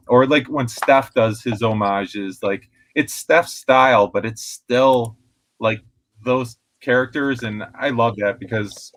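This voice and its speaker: A man's voice: medium pitch, a bit bright. Rambling man with a mid-range voice. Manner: rambling, many fillers. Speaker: artist on a panel. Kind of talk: casual chat.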